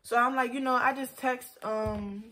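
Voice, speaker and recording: Young woman on a storytime vlog, a bit high-voiced, frank and heated, casual "like"-heavy talk. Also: steady tone, moderate pace, pushed and bright. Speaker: vlogger.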